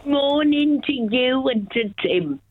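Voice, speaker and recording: Woman caller on a radio phone-in, slow and chatty, tinny phone line sound. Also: high-pitched, lively intonation. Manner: chatty, fond, sings a little. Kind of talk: phone-in call.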